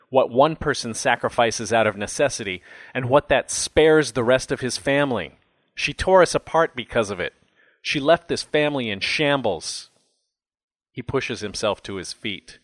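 Low-voiced man narrating a story. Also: fairly bright tone, no room sound. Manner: measured, close storytelling with emotional dialogue. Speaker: audiobook narrator. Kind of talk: first-person audiobook narration.

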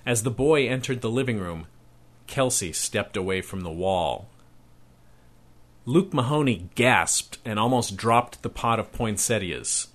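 A man narrating a story aloud in a measured, expressive reading voice. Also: fairly low pitch.

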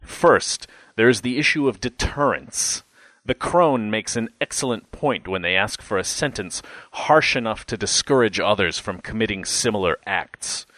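A man voicing a stern elderly male judge, speaking in a formal, measured way. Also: fairly low pitch, expressive, fairly bright tone, no room sound, rough recording.

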